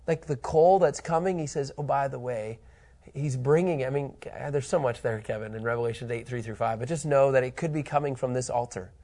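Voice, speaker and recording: A man teaching a Bible study, animated and emphatic, reading scripture aloud with building intensity. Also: mid-range voice, brisk, few pauses.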